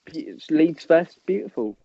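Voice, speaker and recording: A young man co-hosting a podcast, telling stories in a giggly, lively way in casual chat. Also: on the high side, normal speed, vocal fry, husky, dry recording. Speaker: podcast co-host. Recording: dull lo-fi sound with faint noise.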